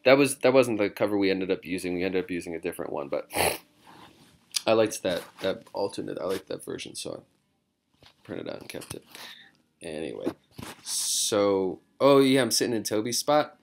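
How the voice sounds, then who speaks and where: A man's voice: deep voice, very animated, moderate pace, gravelly, pauses often, slight background noise. A man, a comedian, chatting casually and rambling from his living room, drifting between digressions with self-mocking humor. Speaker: comedian vlogger.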